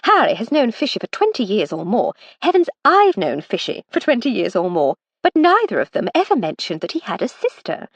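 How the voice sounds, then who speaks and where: A woman's voice: mid-range voice, wildly swooping pitch, breathy edge, dry recording, pitched above the performer's own voice, full character voice. A woman doing a witty, charming Edwardian lady. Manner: brisk, teasing charm.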